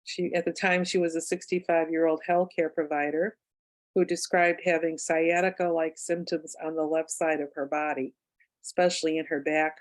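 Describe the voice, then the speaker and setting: Her voice sits low, and the recording is low quality. The woman, an author and past-life regressionist, narrates a client's case story at a book club talk in a conversational manner, peppered with asides and fillers.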